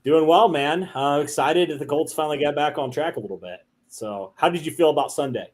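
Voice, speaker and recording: A man's voice: on the high side, fairly quick. A man co-hosting a live fan stream, upbeat and asking guests questions. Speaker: co-host. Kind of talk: casual chat.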